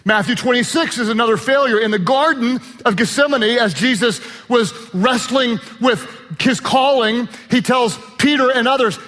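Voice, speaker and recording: A man with a notably high voice delivers a sermon, swinging from shouted emphasis to light joking asides. His words ring out with a long reverb, as if filling a large church sanctuary. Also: normal speed, hardly any pauses. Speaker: pastor.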